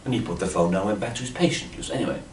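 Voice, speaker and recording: A man's voice: on the low side, rapid-fire, roomy sound, far from the mic, slight background noise. A man telling a rambling comic monologue in a dotty, fussy manner, full of "you see" asides. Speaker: comic storyteller.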